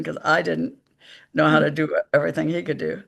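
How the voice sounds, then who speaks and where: A woman, a psychic medium guest, telling stories slowly and emphatically in a live conversation, acting out the dialogue. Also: deep voice, flat delivery, creaky, a bit bright. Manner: slow, emphatic storytelling with quoted dialogue.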